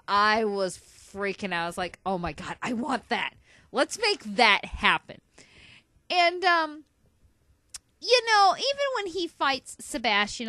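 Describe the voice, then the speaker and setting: Gushing high-voiced woman. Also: dry recording. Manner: gushing, excitable, giggly. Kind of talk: casual fan chat to camera.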